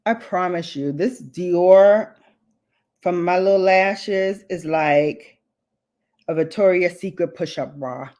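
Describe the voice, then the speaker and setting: A woman with a lowish voice chats her way through a makeup tutorial, unhurried and playful. She drops slangy asides to her viewers as she works. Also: darkish tone. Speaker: beauty vlogger. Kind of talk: casual makeup demo chat.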